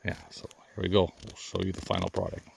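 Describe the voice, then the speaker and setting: A man's voice: deep voice, little pitch movement, fast, gravelly. A man from Canada casually narrating his camping vlog outdoors at a lakeside campsite, chatty and easygoing. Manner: chatty, easygoing, laughs often. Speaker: vlogger. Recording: faint outdoor background noise.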